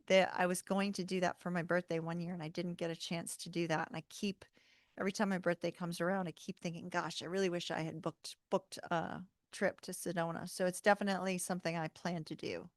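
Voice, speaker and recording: Female tarot streamer, relaxed chatty host, gravelly, dry close sound. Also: fairly low pitch, fairly quick, no room sound. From North Carolina, US. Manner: chatty, warm-hearted, laughs often, says y'all. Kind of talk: casual livestream chat.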